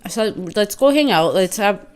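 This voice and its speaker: A woman's voice: medium pitch, animated, normal speed, clean tone. A woman vlogger telling a casual story while eating, rambling and acting out both sides of a conversation with lots of "I'm like" and "he's like.". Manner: rambling, quotes herself and others with "I'm like" and "he's like"; chatty filler-heavy talk with restarts. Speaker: mukbang vlogger.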